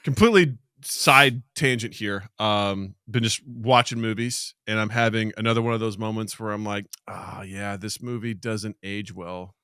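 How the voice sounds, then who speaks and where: A middle-aged man co-hosting a podcast, telling stories in a casual, animated way and acting out quotes, sometimes with shouts. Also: fairly low pitch, normal speed, hardly any pauses, smooth, no room sound, clean studio sound. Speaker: podcast co-host. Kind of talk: casual chat.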